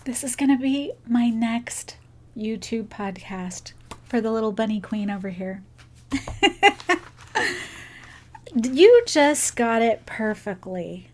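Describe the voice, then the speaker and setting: A woman's voice: a little high, lively intonation, takes it slowly, pauses often, darkish tone. A woman vlogger chatting casually about crochet and gifts, sentimental and thankful. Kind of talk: casual chat.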